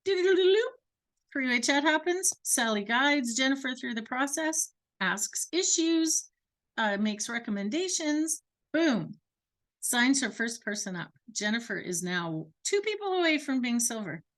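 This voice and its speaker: A woman coaching her business team, telling an animated story. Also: sits high, measured pace. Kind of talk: storytelling talk.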